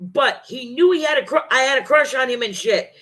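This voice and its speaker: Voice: sits high, lively intonation, fairly quick, pushed and bright. A vlogger telling a personal story in a casual, profane, emphatic monologue, acting out the other people's lines.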